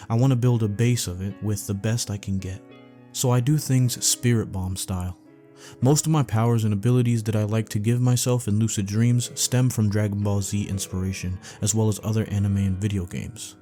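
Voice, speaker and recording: A man calmly narrating a first-person dream story for sleeping, in a steady, low-key way. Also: a little fast. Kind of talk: calm bedtime story reading. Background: faint background music.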